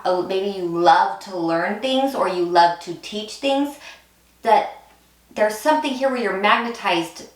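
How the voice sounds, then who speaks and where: A woman's voice: mid-range voice, echoey room, recorded from a distance. A woman giving a pick-a-card tarot reading, talking in a loose, intuitive way with many restarts. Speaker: tarot reader.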